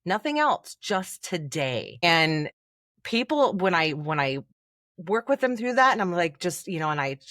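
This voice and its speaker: A woman coach speaking in a podcast interview, talking freely and acting out inner voices with big jumps in pitch. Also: sing-song, unhurried, fairly bright tone, dry recording, studio quality. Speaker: confidence coach guest.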